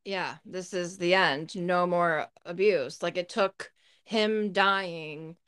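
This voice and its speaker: Smooth-voiced woman telling a blunt story. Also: on the low side, takes it slowly, a bit bright. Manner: candid, blunt, swears freely. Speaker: podcast co-host. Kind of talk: casual storytelling.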